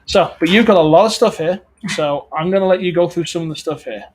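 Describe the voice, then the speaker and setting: A man's voice: fairly high pitch, fast, a little hiss or hum, low-quality recording. A man co-hosting a casual pop-culture podcast, rambling with frequent restarts and stumbles. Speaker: podcast co-host. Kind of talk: casual chat.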